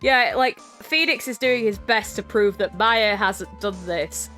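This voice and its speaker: A woman's voice: medium pitch, measured pace, bright, forceful tone, faint music behind. A woman co-hosting a let's play, chatting casually and teasing her friends. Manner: teasing, laughs often. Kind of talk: casual gaming chat.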